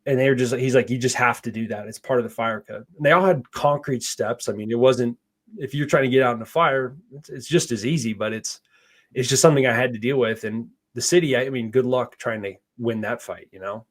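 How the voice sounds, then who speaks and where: A man talking through his answers in an easygoing, meandering way, circling back and restarting his sentences. His voice sits at an ordinary middle pitch. He has no Southern twang. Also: brisk. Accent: none, not Southern. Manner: relaxed, rambling with fillers and restarts. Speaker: guest, park investor. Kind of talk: casual interview answers.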